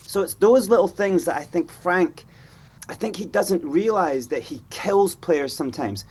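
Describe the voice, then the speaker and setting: A man, talking football on a fan show in an animated way, acting out players' voices. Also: sits high, moderate pace, husky. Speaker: fan pundit.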